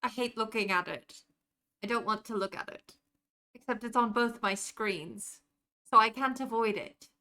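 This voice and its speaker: A woman's voice: a little high, moderate pace, pushed and bright. A woman live streamer chatting casually with her viewers in a put-on British accent, answering chat messages aloud from home. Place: home room.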